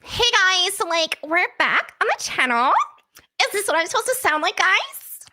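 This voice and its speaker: A woman's voice: very high voice, very animated, a little slow, sharp tone, voice pushed up, heavily acted. A woman putting on the voice of a bubbly young valley-girl vlogger, full of "like" and upspeak. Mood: mocking. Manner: exaggerated upspeak, "like" and "guys".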